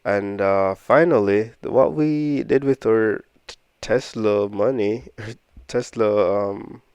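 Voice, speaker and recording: A man's voice: on the low side, slow, a little mellow, clear, resonant tone, no echo, highs cut off. A man casually walking through his stock portfolio, rambling and self-deprecating as he thinks aloud. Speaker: investing vlogger.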